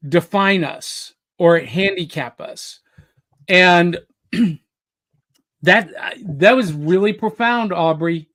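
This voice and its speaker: A man hosting a podcast, telling stories in a measured, conversational way. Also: sits high, a bit bright. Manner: measured, storytelling. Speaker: podcast host. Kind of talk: casual chat.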